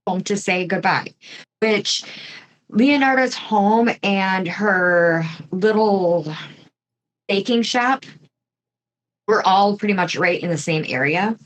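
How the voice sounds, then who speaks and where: Woman, podcast co-host, casual true-crime storytelling, slow pace, chatty asides. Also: mid-range voice. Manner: chatty, with asides and mild swearing.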